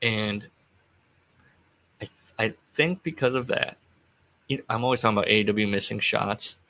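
A man's voice: on the low side, normal speed, pushed and bright. A middle-aged man hosting a casual podcast recap, rambling with wry, offhand asides. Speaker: podcast host recapping wrestling.

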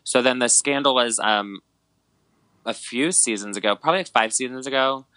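A man's voice: medium pitch, normal speed, no room sound, low-quality recording. A man in his twenties chatting casually as a podcast co-host, telling a dramatic story with lots of fillers like "like" and "um". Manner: animated storyteller, many fillers like "like" and "um", dramatic retellings. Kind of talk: casual chat.

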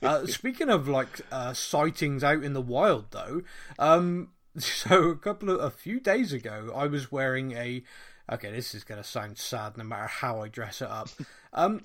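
A man's voice: mid-range voice, lively intonation, normal speed, a bit bright. A man from England, hosting a casual podcast chat in a jokey, self-mocking way and laughing often. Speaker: podcast host.

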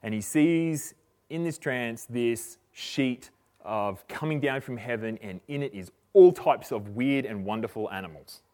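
A man preaching a sermon, retelling a story in a relaxed, chatty way with slang and frequent restarts. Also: medium pitch, a little slow.

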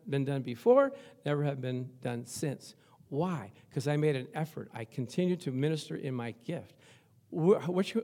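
Older male pastor, lively storyteller. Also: on the high side. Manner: conversational and humorous. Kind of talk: sermon.

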